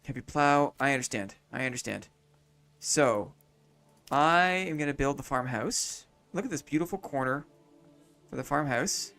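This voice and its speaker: A man's voice: mid-range voice, lively intonation, normal speed, fairly bright tone. Man thinking aloud over faint music. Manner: thinks aloud, repeats his own phrases; chats with viewers between moves. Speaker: streamer playing a city-building game. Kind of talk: casual live-stream commentary.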